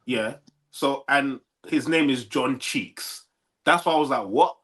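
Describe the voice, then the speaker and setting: A man's voice: mid-range voice, a little slow, a bit bright, a little hiss or hum. A man co-hosting a casual podcast, explaining plainly and giving short agreeing replies. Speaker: podcast co-host.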